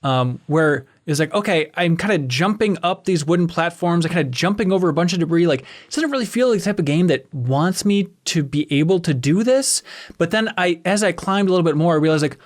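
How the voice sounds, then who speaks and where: A man hosting a podcast, telling stories about a game in an upbeat, animated way. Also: a little high, brisk. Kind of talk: casual chat.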